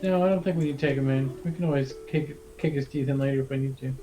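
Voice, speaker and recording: A man's voice: medium pitch, quick pace, poor audio. A man playing a tabletop game, reasoning aloud in a hesitant, casual way, with music behind. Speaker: player. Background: background music.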